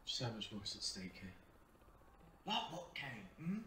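A man playing a cruel demon who has taken over a young man. He speaks low and coaxing, with a menacing edge, in a student short film drama. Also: sing-song, measured pace, pushed and bright, a little hiss or hum, heavily acted. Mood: gloating. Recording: echoey room from a distance, music under.

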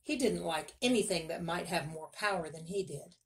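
A woman reading a children's novel aloud in steady first-person narration. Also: lowish voice, moderate pace. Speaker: reader. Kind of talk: storybook read-aloud.

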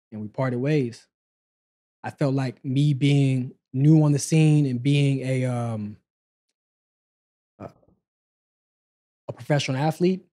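A man in his forties, a guest on an interview show, telling stories from his past in a relaxed, conversational way. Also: medium pitch. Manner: relaxed, conversational, acts out quoted dialogue. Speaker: interview guest, former sprinter. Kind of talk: casual storytelling interview.

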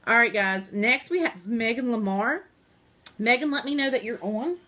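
A woman's voice: a little high, normal speed, pushed and bright. A woman with a stuffy nose hosting a casual live-stream sale, chatting to viewers by name while she multitasks.

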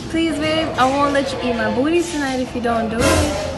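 A woman with a high, bright-sounding voice plays a flirty part in a comedy skit. She pleads and gushes over and over. Music plays clearly behind her. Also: a little fast.

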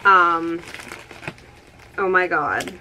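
A woman in her early twenties chatting through an excited unboxing vlog, gushing with many exclamations. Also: lowish voice, drawn-out words, noisy background. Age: 20s. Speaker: vlogger. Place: home room with outdoor yard noise.

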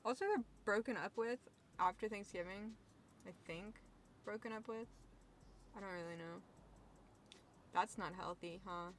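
A woman's voice: medium pitch, unhurried, pauses often, fairly bright tone, slight background noise. A young woman vlogging outdoors at the beach, rambling and emotional, swearing freely as she talks to her viewers. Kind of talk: casual vlog talk to camera. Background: faint outdoor ambience.

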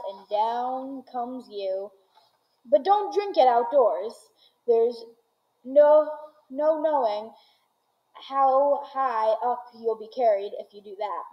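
Reading aloud, a woman voices an excitable, eccentric male candy maker who speaks in bursts of boastful exclamation. Her voice sits high, and the sound is lo-fi.

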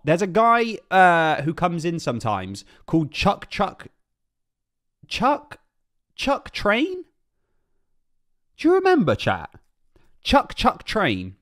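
An excitable young man talks to his stream viewers, bouncing between thoughts and repeating his reactions. His voice sits a little high and swings widely up and down as he gets worked up. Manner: excitable, animated, repeats himself.

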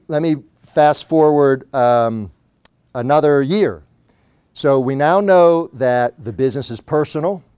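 A man, a company founder, giving a candid, animated storytelling talk to a university audience. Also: medium pitch, clear, resonant tone, no echo. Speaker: company founder, guest speaker.

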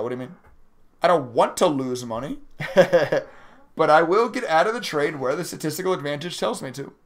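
Gravelly-voiced man venting on a trading stream. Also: fairly high pitch. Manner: frustrated, swearing, chatting to viewers. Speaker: day trading livestreamer. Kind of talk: casual live-stream commentary.

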